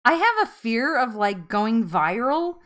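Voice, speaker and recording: A woman's voice: fairly high pitch, sing-song, a little slow, a bit bright. A woman hosting a casual live-stream chat with viewers, chatty and rambling, often laughing at herself.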